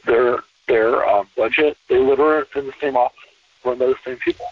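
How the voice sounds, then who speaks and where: A man's voice: mid-range voice, fairly even intonation, moderate pace, no echo, distant mic. An American man talking in a rambling, emphatic way, repeating himself, heard over a tinny phone line. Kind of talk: casual conversation.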